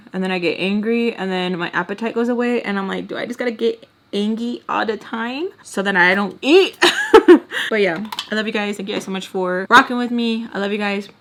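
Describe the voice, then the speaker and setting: A woman's voice: medium pitch, fairly bright tone, a little hiss or hum. A young woman talking straight to her viewers in a casual vlog, rambling and emotional, close to tears. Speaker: storytime vlogger.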